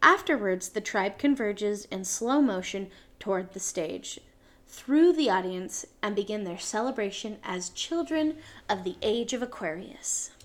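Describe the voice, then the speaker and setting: A woman's voice: medium pitch, expressive, a little slow, fairly bright tone. A woman co-hosting a podcast, reading out a show synopsis from a script with small slips and self-corrections. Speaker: podcast co-host.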